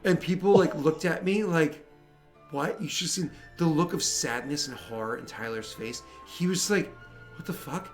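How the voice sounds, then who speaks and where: A man's voice: fairly high pitch, moderate pace, few pauses, faint music behind. A man running a tabletop game, chatting casually and telling a story with lots of swearing and acted-out reactions. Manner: animated storytelling, swears freely, acts out friends' reactions. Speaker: game master. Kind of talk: casual chat.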